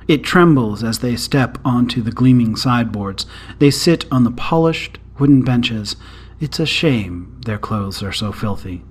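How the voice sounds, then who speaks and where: A man narrating a short story aloud in a calm, even storytelling manner. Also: medium pitch, breathy edge.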